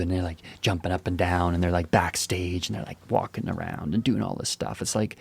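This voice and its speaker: A man with a low, gravelly voice co-hosts a podcast in easy, casual chat. He wanders through stories with a laid-back, joking manner. The sound is dry and close. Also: flat delivery, fast talker, few pauses, no room sound. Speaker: podcast co-host.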